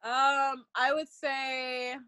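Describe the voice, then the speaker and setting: A woman's voice: sits high, level tone, very slow, pushed and bright, clean tone. A woman guest on a casual podcast about horror movies, enthusiastic and laughing often.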